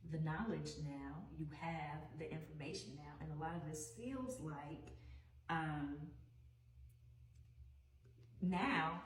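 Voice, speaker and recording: A woman with a fairly low voice reads tarot cards for her viewers, thinking aloud and repeating phrases as she goes. She stands a little away from the microphone, and the room gives her voice a roomy echo. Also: distant mic. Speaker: tarot reader. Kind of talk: weekly tarot reading.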